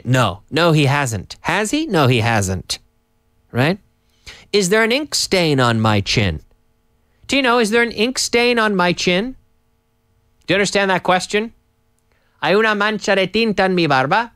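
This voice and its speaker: A man teaches on a live stream, his voice sitting a little high and swinging up and down with energy. He sounds upbeat and teacherly, and he repeats phrases slowly for learners. The sound is close and dry. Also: very animated, a bit bright, no echo. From Canada. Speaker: English teacher and host. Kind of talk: live-streamed English lesson.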